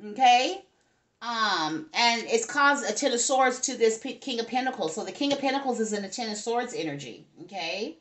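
With a slightly high, fairly bright voice and lively intonation, this woman reads tarot casually for her audience at a normal speed. She chats away to viewers and spirits alike, tossing in "okay?" over and over.

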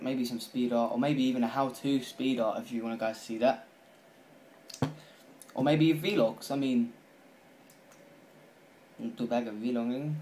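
A man's voice: medium pitch, dark tone, slight background noise. A man vlogging in a loose, rambling way, swearing constantly as he talks to his viewers. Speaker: gaming channel vlogger. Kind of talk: rambling casual vlog.

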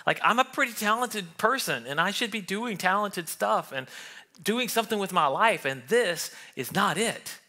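Bright, forceful man preaching a sermon. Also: sits high, moderate pace. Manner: animated, acts out what people think and say. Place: church sanctuary.

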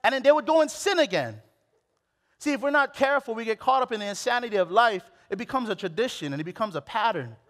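A man's voice: very high-pitched, fairly bright tone, in a large hall. A man preaching a sermon, candid and self-deprecating, often repeating phrases for emphasis. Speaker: pastor.

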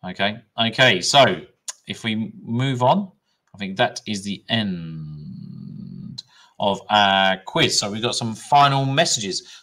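A man's voice: on the low side, animated, slow, sharp tone. A man, a history teacher hosting a quiz on an online school call, jokey and enthusiastic. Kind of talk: quiz hosting and casual chat.

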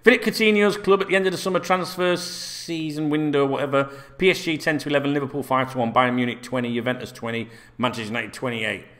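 A man's voice: medium pitch, fairly even intonation, fast, few pauses, a bit bright. A man hosting a football news channel, reading out stories and ranting with sarcastic, sweary asides. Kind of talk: casual ranting news read-through.

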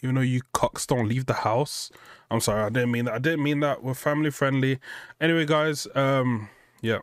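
A man's voice: medium pitch, moderate pace, dry recording, studio quality. A young man reacting to a video on stream, joking and mocking himself in casual banter.

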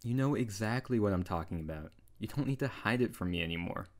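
A prickly young male wizard, voiced by a man for an audio role-play, whose sharp, sarcastic scolding keeps turning protective. His voice sits slightly low. He sounds like a best friend who nags because he cares. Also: lively intonation, quick pace. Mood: exasperated. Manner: scolding, sarcastic, then softening.

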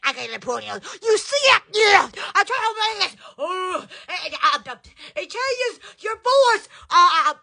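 A woman's voice: very high voice, sing-song, a little slow, vocal fry, hardly any pauses, pushed and bright. A woman hosting a live stream, rambling in silly fits of giggles and squealing exclamations into her phone.

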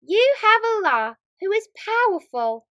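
A woman voicing a gentle, patient mother who soothes her son in a children's storybook reading. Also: very high voice, sing-song, measured pace, no echo, voice pushed up, full character voice. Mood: soothing. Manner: soft, soothing.

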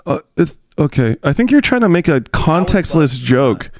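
A man's voice: fairly high pitch, big pitch swings, normal speed, dry recording, clean studio sound. A young man reacting to a video on his stream, rambling and bemused as he talks to his chat. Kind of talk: casual stream commentary.

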